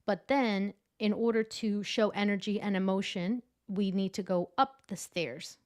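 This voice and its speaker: An enthusiastic woman speaks as a guest over a video call, explaining with energy. She talks in a lively, chatty teaching manner, often using filler words. Her voice sits at a middling pitch. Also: measured pace. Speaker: guest, adjunct professor of public speaking. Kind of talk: casual interview chat.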